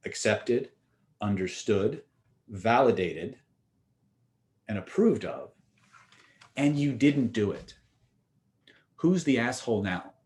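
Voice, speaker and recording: A man's voice: on the low side, lively intonation, slow pace, long pauses, a little mellow. A man teaching communication skills in a seminar, telling stories and speaking emphatically, with direct rhetorical questions. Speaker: influence and communication trainer.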